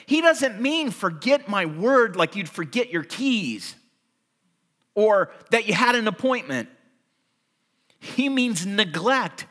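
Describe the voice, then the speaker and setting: A man's voice: high voice, big pitch swings, a little slow, bright, forceful tone. A man preaching a sermon as pastor, telling everyday stories and acting them out with animation.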